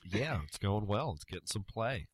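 A man's voice: fairly low pitch, animated, moderate pace, no echo. A man co-hosting a casual podcast, joking and swearing freely, often slipping into put-on voices. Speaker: podcast co-host. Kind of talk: casual chat.

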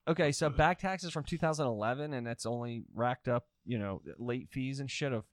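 A man hosting a podcast, telling a story in casual chat, animated and swearing freely. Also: mid-range voice, moderate pace, no room sound, clean studio sound. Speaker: podcast host.

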